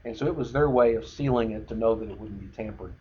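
A man teaching a bible study in a relaxed conversational way, with many fillers and restarts. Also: fairly low pitch, fast. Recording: dull lo-fi recording with faint noise.

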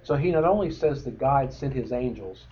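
A man's voice: mid-range voice, expressive, normal speed, mellow. Conversational man teaching a bible study. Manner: conversational, many fillers and restarts. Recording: dull lo-fi recording with faint noise.

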